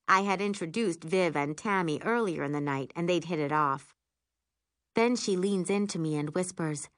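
A woman narrating a first-person story as an audiobook, expressive and animated in her reading. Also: deep voice, moderate pace, no echo, studio quality.

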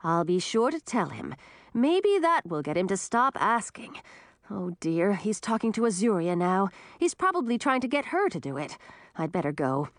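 A woman voicing a dragon mother, gentle and affectionate with a wry, tired edge. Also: medium pitch, sing-song, normal speed, no room sound, clean studio sound. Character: warm, motherly dragon queen, a little weary.

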